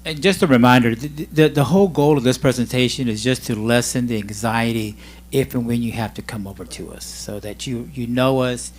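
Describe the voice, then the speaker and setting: A man's voice: medium pitch, brisk. Reassuring staff man with faint hum. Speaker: care facility staff presenter. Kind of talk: presentation at a town hall.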